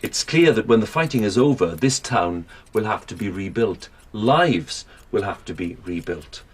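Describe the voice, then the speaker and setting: Low husky man narrating dramatically. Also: animated, moderate pace. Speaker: documentary narrator. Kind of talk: scripted narration.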